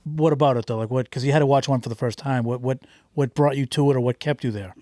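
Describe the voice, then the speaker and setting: Fast-talking joking man on a dry mic. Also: medium pitch, darkish tone, dry recording. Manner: joking, quick questions. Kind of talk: casual chat.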